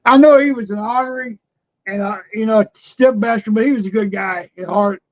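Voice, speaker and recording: An older man with a high, animated voice tells wrestling stories, laughing often and shouting out quoted lines. The sound is dry and a little dull, like a remote call. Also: a little fast, no room sound. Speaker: retired pro wrestler, guest. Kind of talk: storytelling interview.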